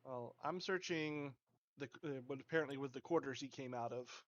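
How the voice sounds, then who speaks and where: A man's voice: medium pitch, moderate pace. A man playing in an online tabletop game, speaking in a matter-of-fact way. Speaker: player. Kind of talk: casual chat during an online game. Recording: dull muffled mic.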